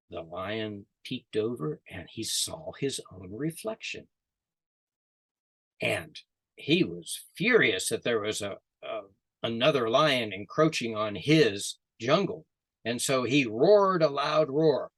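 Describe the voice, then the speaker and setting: A man narrates a folk tale over a video call, relaxed and unhurried, often repeating a word before going on. His voice sits at an ordinary middle pitch, and the sound is dry and close. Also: no echo. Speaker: storyteller, group organizer. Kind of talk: oral storytelling narration.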